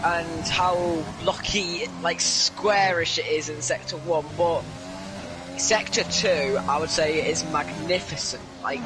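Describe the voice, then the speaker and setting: High-voiced co-commentator. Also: male voice, fairly even intonation, slow. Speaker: co-commentator and driver. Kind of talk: sim racing commentary. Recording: music bed underneath.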